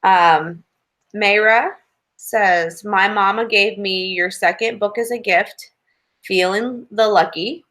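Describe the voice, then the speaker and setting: A woman reads viewer comments aloud on a live stream. Her delivery is plain and steady, with a few hesitant fillers, and her voice sits at a middle pitch. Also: takes it slowly. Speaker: co-host reading viewer comments.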